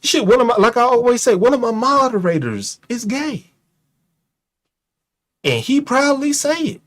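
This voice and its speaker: A man's voice: very high-pitched, sing-song, moderate pace, a bit bright. A man giving a mocking, profane rant as a streamer, firing rhetorical questions and laughing at his own jokes. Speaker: streamer and commentator. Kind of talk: ranting commentary to an online audience.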